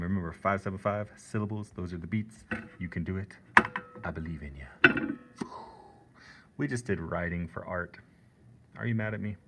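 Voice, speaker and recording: A man's voice: low voice, a bit bright, slight background noise. A man teaching an art lesson in a playful, chatty way, laughing often. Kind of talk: classroom video lesson.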